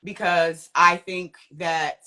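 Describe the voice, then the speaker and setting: A young woman with a lowish voice recounts a personal ordeal as a guest. She tells it vividly, leaping up in pitch whenever she acts out what someone said. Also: level tone, slow pace, pushed and bright. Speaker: guest sharing a testimony. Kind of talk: personal storytelling.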